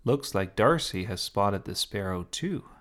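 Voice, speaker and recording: A man voicing a dry, patient grown man in a children's story, talking in a deadpan way. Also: fairly low pitch, measured pace. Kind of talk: storybook character voice.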